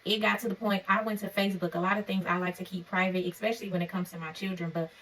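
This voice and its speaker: A woman giving an encouraging faith-based talk to camera, earnest and preacherly, often checking in with her listeners with a quick "okay?". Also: fairly low pitch, level tone, fairly bright tone, far from the mic, slight background noise, low-quality recording. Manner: conversational and informal. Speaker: faith vlogger. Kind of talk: encouraging devotional vlog talk.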